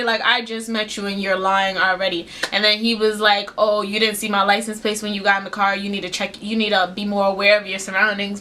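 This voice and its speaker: A young woman telling a casual storytime vlog in slangy, run-on sentences, acting out quotes with big jumps in pitch. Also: animated, fairly quick, hardly any pauses, bright, forceful tone. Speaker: vlogger.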